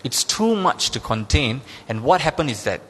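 Pastor preaching in reverberant hall. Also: male voice, very animated, normal speed, fairly bright tone, breathy edge. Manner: emphatic, repeats key phrases, rises in pitch when stressing points. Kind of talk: sermon. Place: church sanctuary.

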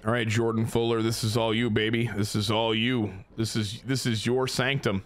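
A man's voice: fairly low pitch, flat delivery, normal speed, few pauses. A young man giving casual, self-mocking commentary while playing a football video game, swearing often. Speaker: gaming YouTuber.

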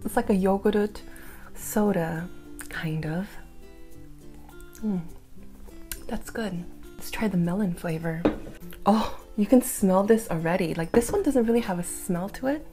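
A woman's voice: medium pitch, a little slow, pauses often, music in the background. A young woman in her twenties chatting casually through a taste-test vlog, thinking aloud with fillers. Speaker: food vlogger.

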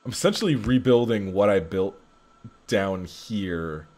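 A man's voice: lowish voice, a little slow, a little mellow. Self-scolding young man playing a game. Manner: self-critical, frustrated muttering at himself. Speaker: gaming channel host. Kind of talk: casual let's play commentary.

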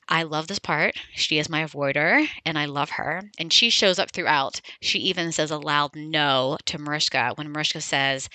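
Woman podcast host, low voice, crisp bright tone, dry close sound, candid and reflective. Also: normal speed, hardly any pauses, no room sound, low-quality recording. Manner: candid, personal, with frequent fillers. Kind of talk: reflective podcast intro monologue.

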